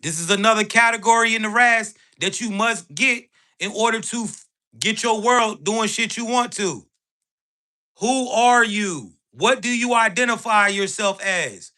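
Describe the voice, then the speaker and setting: A man with a high voice hosts a motivational livestream, speaking in an unhurried, bright and forceful way. He talks bluntly in street slang, swears a lot, and keeps checking in with "right?"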